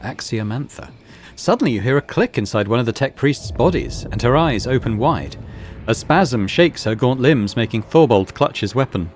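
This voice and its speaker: A man's voice: medium pitch, animated, moderate pace, a little hiss or hum. A man playing through a role-playing game, reading its text aloud with casual asides. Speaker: gaming YouTuber.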